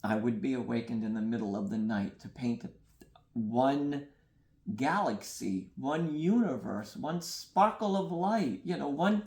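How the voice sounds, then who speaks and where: Guest artist, man, mid-pitched, reflective and repeating, room echo. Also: expressive, a little slow, darkish tone. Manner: earnest, dreamy, repeats phrases, laughs at himself. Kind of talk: reflective interview talk. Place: gallery.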